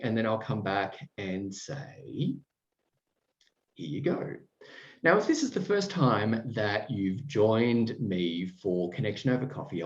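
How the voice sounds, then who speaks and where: A man hosting a podcast, chatting with a guest in an effusive, rambling way full of fillers and restarts. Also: on the low side. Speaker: podcast host. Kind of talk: casual chat with a guest. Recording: roomy, dull sound.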